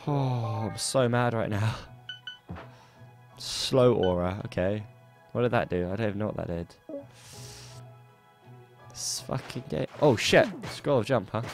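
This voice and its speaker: A man doing let's play commentary, swearing and yelling angrily at the enemies in his game. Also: fairly low pitch, a little slow, pauses often. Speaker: gaming channel host. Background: faint game music.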